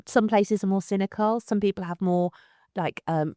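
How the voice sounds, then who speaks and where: Woman, culture director as interview guest; middle pitch, animated, restarts a lot; dry close recording. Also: normal speed, no echo. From England. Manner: animated, repeats words as she restarts. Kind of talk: conversational interview.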